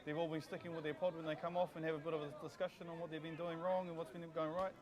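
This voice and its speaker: A man co-commentating a touch rugby game with relaxed, joking banter. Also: a little high, racing. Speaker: co-commentator, club member. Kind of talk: live sports commentary. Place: outdoor sports field. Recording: outdoor crowd noise.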